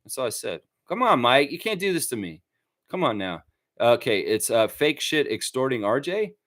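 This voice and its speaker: A man hosting a casual fan livestream, rambling and animated as he talks to his chat. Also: mid-range voice, moderate pace, dry recording. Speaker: fan channel host.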